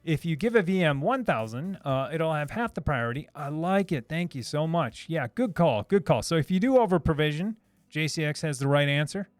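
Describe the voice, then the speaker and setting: A man's voice: a little high, lively intonation, a little fast, no room sound. A man hosting a casual live stream, answering chat questions in a hesitant, restarting way. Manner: hesitant, many restarts, reads chat aloud.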